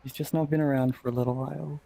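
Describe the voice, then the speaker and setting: Laid-back deadpan man gaming. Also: medium pitch, fast, creaky, rough recording. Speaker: co-streamer. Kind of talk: casual stream chat while gaming.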